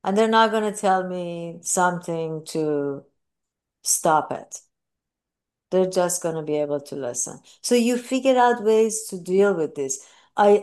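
Earnest woman, slightly low voice. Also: a little mellow. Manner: earnest, reflective, often pausing and restarting. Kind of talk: personal talk on mindfulness and grief.

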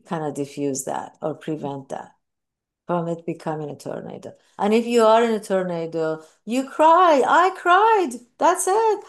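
A woman with a slightly low voice speaks earnestly and reflectively in a personal talk on mindfulness and grief. She often pauses and restarts her sentences. When she retells moments, her voice leaps up with feeling.

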